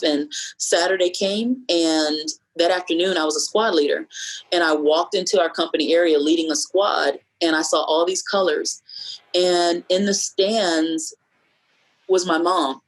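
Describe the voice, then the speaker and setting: A middle-aged woman telling an emotional personal story on a podcast, reflective and measured, with many pauses and fillers. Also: low voice, steady tone, poor audio.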